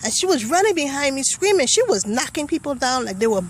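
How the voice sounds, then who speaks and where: A young woman with a somewhat high, sing-song voice gives a fast, vivid personal testimonial, acting out the voices and thoughts she remembers. The recording is rough, with faint background noise beneath her.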